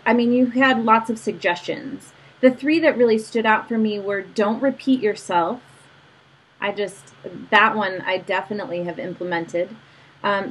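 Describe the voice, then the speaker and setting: A woman's voice: fairly high pitch, rough recording. A woman hosting an interview as a mother, conversational and affirming, asking long questions. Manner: warmly affirming, conversational, asks at length. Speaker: podcast host and mother. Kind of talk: casual interview chat.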